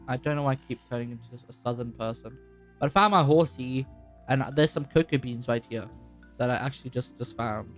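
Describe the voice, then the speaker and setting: A young man giving casual, chatty commentary over his gameplay, his voice jumping high when excited. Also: a little fast. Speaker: gaming YouTuber. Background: faint background music.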